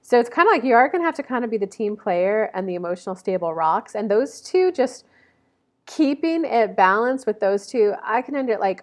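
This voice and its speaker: A woman's voice: medium pitch, lively intonation, a little fast. A woman in her thirties giving a casual zodiac reading to camera, chatty and rambling, with many fillers and self-corrections. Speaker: astrology reader.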